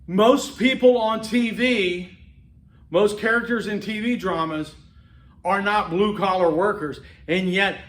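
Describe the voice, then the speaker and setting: A man's voice: sits high, takes it slowly, fairly bright tone, echoey room. A man teaching a college class, talking conversationally and rambling, with frequent fillers and restarts. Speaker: college instructor. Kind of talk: classroom lecture.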